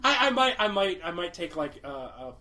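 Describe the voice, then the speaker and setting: A man's voice: high-pitched, sing-song, moderate pace, bright, forceful tone. A man hosting a podcast, chatting casually and rambling, with lots of swearing and restarts. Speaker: podcast host. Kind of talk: casual chat.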